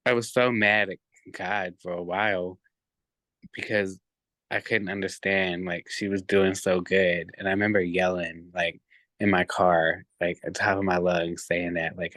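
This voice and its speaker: A man guest on a podcast, telling a personal story in an animated way, with many fillers and lots of reported speech. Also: low-pitched, measured pace, dry recording.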